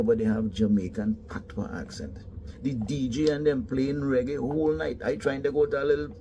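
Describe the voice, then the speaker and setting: A man's voice: mid-range voice, vocal fry, mellow, a little hiss or hum. A man from the Caribbean with a Caribbean English accent, telling stories emphatically in a casual monologue.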